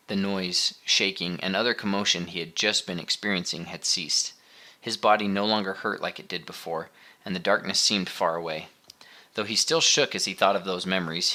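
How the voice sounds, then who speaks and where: A man with a deep voice narrates an audiobook, reading from a script in a steady, measured way.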